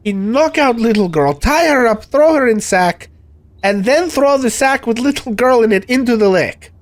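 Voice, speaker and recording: A man's voice: on the high side, lively intonation, slow pace. A man voicing a wary village father who speaks in broken, clipped English and bluntly drops small words. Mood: incredulous.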